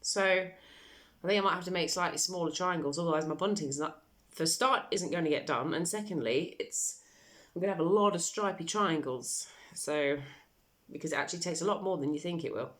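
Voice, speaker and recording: A woman's voice: lowish voice, brisk, a bit bright. An English woman chatting casually in a vlog, affectionate and bubbly, often laughing as she talks. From England. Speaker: vlogger.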